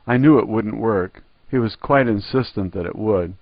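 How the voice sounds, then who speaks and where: A man's voice: lowish voice, normal speed, dry recording, highs cut off. A man reading a first-person memoir aloud, in a blunt, profane storytelling manner. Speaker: narrator.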